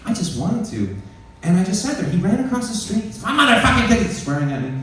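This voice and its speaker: A man's voice: high-pitched, quick pace. A man doing stand-up, telling a profane story and acting out both sides of an argument. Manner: animated, profane, acts out both sides of a quarrel. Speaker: stand-up comedian. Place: comedy club stage. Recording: echoey club from a distance, faint room noise.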